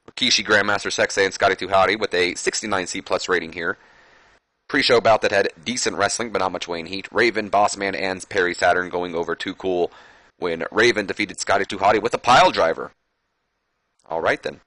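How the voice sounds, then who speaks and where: A man's voice: low voice, normal speed, bright, forceful tone, dry recording. A man giving casual, self-mocking commentary on a game, reading out match results and ratings. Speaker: let's-play commentator.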